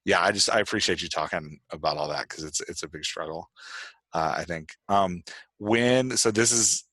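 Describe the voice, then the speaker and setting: A man's voice: sits low, moderate pace, bright, forceful tone, no room sound. A man hosting a podcast interview in a loose, rambling way, with lots of fillers like "like" and "you know". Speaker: podcast host. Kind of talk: casual interview chat.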